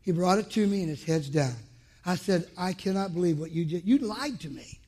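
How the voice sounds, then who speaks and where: A man's voice: high voice, lively intonation, a little fast, warm tone, breathy edge. A man preaching a sermon to men, telling a personal story in an emphatic way and acting out past conversations. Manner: emphatic, acts out his own past dialogue.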